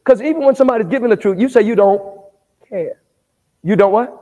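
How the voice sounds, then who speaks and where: A man with a notably high voice preaches a sermon in a church sanctuary, tossing questions out for the congregation to answer. He pushes up into shouted emphasis at times, and his words ring out with the long reverb of a large hall. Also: a little fast. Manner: call-and-response preaching, asking the congregation to answer back. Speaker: pastor.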